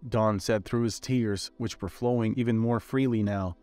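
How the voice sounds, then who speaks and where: A man giving a scripted story narration in a measured, even manner. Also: on the low side, no echo, soft background music.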